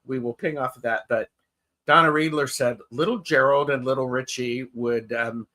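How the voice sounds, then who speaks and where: A man's voice: mid-range voice, normal speed, bright, forceful tone. A man co-hosting a livestream, teasing his friend and reading viewer comments over a video call. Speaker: co-host. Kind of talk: casual livestream chat.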